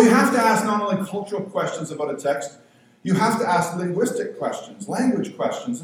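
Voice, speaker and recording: Echoey fifty-something male preacher. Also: a little high. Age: 50s. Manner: conversational and self-deprecating, with slow emphatic phrases. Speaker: pastor. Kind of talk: sermon. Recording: very echoey room with faint ambient noise.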